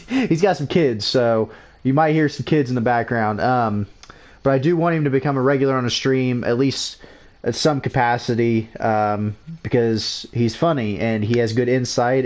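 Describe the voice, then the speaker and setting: A man's voice: mid-range voice, normal speed, a little mellow. A man hosting a casual livestream, talking loosely and often repeating words and restarting sentences. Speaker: streamer host.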